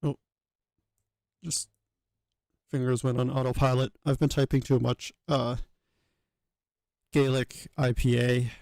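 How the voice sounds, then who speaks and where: Guy mumbling thru his work, slow and gravelly, lots of uhs and restarts. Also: medium pitch, level tone, darkish tone, no echo. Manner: hesitant, many fillers and self-corrections. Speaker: channel host working through a reconstruction. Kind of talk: thinking aloud while working.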